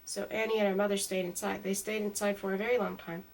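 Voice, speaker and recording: Woman reading stories calmly, mid voice, mic a little far off. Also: mid-range voice, fast talker, vocal fry. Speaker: storyteller. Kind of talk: storybook reading. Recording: slightly distant mic.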